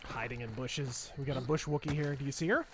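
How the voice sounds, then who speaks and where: A man's voice: medium pitch, fast talker, heavy background noise. A man live-streaming a shooter game, chatting bluntly and swearing as he plays and answers viewers. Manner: profane, blunt, laughs easily. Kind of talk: casual live-stream chat while gaming.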